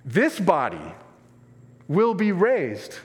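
A man preaching a sermon as pastor, earnest and emphatic, dropping from strong stress to quiet asides. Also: high-pitched, wildly swooping pitch, drawn-out words, breathy edge. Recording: long reverb of a large hall.

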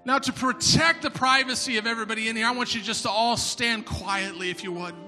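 A man preaching a sermon as a pastor in a church, impassioned, swinging between hushed pleading and shouting. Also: extremely high pitch, fairly quick. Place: church sanctuary. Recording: reverberant hall with music behind.

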